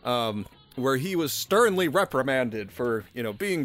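A man's voice: mid-range voice, sing-song, measured pace, few pauses, fairly bright tone. A man hosting a casual podcast and telling a history story, sarcastic and laughing, swearing often and tripping over his words. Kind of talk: casual chat.

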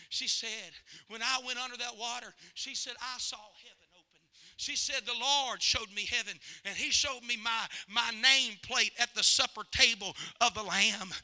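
High, bright-voiced storytelling preacher man. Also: normal speed. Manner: storytelling preacher, swings between loud exhortation and hushed recollection. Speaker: pastor. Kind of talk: sermon.

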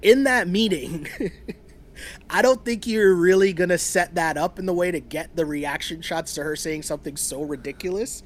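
Guy in his thirties rambling on a podcast, laughs a lot, voice on the higher side. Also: moderate pace. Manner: rambling, laughs often, swears casually. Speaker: podcast co-host. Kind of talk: casual chat about a reality show.

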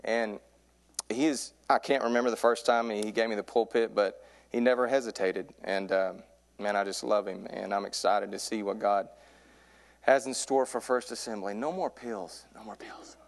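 A man in his thirties preaching a sermon from a church pulpit, telling a comic story and getting louder and higher as it builds. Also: moderate pace, vocal fry. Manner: animated storyteller, voice climbs high in excitement. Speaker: youth pastor preaching.

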